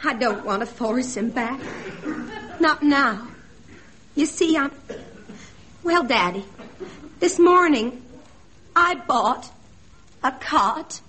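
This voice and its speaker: A woman's voice: sits high, expressive, takes it slowly, long pauses, pushed and bright, exaggerated voice. A woman playing a naive, girlish young wife in a comedy sketch, breathless and gushing. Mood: tearful.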